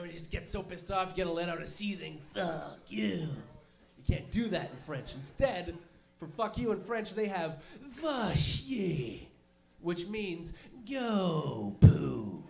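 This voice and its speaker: A young man doing a stand-up comedy set, telling profane, animated stories and slipping into mock voices. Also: sits high, a little fast, gravelly. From Canada.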